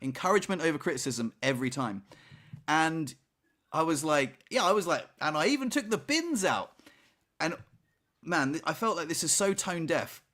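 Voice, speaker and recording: A man's voice: a little high, big pitch swings, normal speed, pushed and bright. A man co-hosting a podcast, chatting casually and telling a story with lots of "you know" and "right?" asides. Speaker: podcast co-host. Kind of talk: casual chat.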